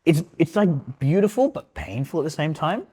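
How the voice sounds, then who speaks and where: A man speaking as a podcast guest in casual, emotional conversation, reflective and halting, dropping "man" and "like" between thoughts. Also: a little high, big pitch swings, warm tone, breathy edge. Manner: reflective, halting, heavy use of fillers like "man" and "like".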